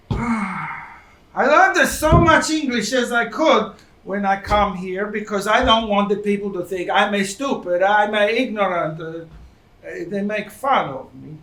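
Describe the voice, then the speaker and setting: An actor playing a proud older Italian immigrant man on stage, speaking animated broken English with an Italian accent. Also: sits high, takes it slowly, long pauses, exaggerated voice. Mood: bitter. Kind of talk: stage play acting. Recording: echoey theatre stage from far off.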